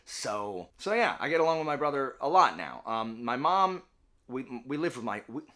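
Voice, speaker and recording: A man's voice: medium pitch, very animated, moderate pace, pushed and bright. A man in his late thirties with a Southern US accent, chatting casually to camera as a vlogger and teacher, rambling with many restarts and asides. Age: late 30s. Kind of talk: casual personal chat to camera.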